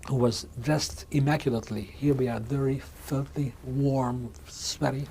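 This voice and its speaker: A man in his sixties giving a measured oral history testimony in an interview, often restarting and repeating words as he speaks. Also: mid-range voice, fairly even intonation, mellow, a little hiss or hum. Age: 60s. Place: museum interview room.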